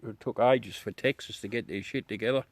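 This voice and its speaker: With a lowish voice and a fairly quick delivery, the Australian streamer talks casually with his live audience, blunt, ranty, and swearing freely. There's no room sound on the recording.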